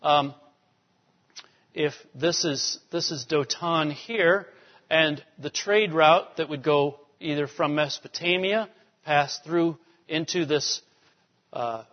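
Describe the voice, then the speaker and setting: A man teaching a Bible lecture in a conversational way, checking in with rhetorical questions. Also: on the high side. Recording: dull recording with long hall reverb.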